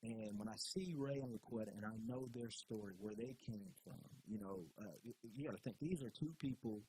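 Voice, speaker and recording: A man from Kentucky, a police chief, telling stories on an interview podcast in a lively, emotional way and laughing often. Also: lowish voice, brisk. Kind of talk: casual storytelling interview. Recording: noisy background hiss.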